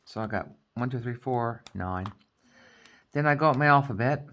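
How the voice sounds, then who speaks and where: This woman has a bass voice with lively intonation, a fairly bright tone, and a normal speaking speed. A crafting vlogger from Newfoundland, Canada, with the local accent, she chats casually to her viewers while crafting, often breaking into laughter.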